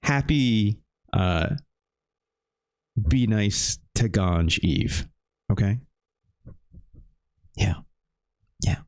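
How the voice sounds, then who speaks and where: A man in his thirties streams a retro game and banters with his chat. His low voice swings up and down a lot as he reacts, and he drops casual swears along the way. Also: animated, very slow, pauses often, darkish tone.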